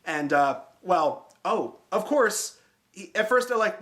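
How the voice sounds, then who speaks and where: A man's voice: sits high, lively intonation, slow pace, fairly bright tone. A man hosting a film review show, talking casually and sarcastically and swearing often. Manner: sarcastic, swears freely, mocking.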